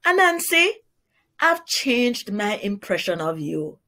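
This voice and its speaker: A woman's voice: medium pitch, big pitch swings, slow pace, bright, forceful tone, heavily acted. A woman voicing a greedy, gullible male crow preacher in a storybook reading. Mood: delighted. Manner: demanding, then gushing.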